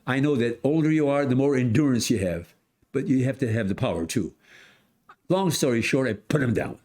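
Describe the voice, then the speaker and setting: Very old man telling a lively story. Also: mid-range voice, fairly quick. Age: 100s. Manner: animated storyteller, acts out voices, many restarts. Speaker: podcast guest. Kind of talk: storytelling in casual conversation.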